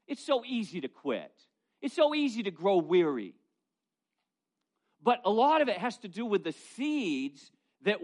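Lively high-voiced preaching man. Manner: storytelling, animated, folksy asides. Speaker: pastor. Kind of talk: sermon with personal stories.

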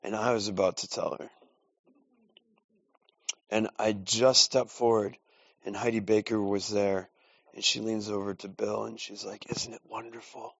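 A man's voice: on the low side, little pitch movement, a little slow, gravelly, pauses often, no echo. A man preaching in a casual, storytelling way, with self-deprecating asides. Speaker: pastor. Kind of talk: sermon. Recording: dull lo-fi dry recording.

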